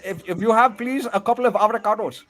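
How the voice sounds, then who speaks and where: A man's voice: high-pitched, normal speed, noisy background, close to an everyday voice. A man voicing a comic Russian-accented man who speaks broken English while trying to buy things. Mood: playful haggling.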